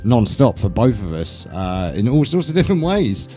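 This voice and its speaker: A man's voice: on the low side, sing-song, moderate pace, mellow, soft background music. A man hosting a casual radio chat show from a studio, upbeat and chatty, often agreeing. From England. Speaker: radio host.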